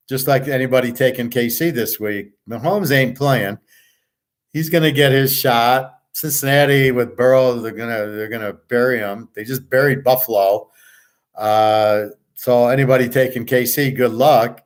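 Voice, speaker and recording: A man's voice: mid-range voice, moderate pace. A middle-aged man, a sports handicapper, hosting a blunt, boastful rant full of profanity. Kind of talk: casual monologue.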